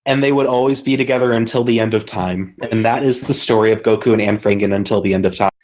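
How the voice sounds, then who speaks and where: A man's voice: lowish voice, fast talker, a little mellow, poor audio. Rambling man telling a story. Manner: rambling storyteller, heavy swearing, many fillers. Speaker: podcast co-host. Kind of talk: casual chat.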